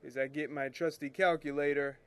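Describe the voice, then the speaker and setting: A man's voice: on the high side, fairly even intonation, a little fast, clean tone. A man hosting a photo retouching show, explaining scanner settings in a chatty, rambling way that corrects itself as he works at his computer. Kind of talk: casual screen-share tutorial.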